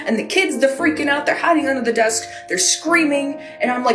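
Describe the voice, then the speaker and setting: A young woman telling a personal story in a casual, animated way, chatty and swearing freely. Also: fairly high pitch, brisk, reverberant, over music.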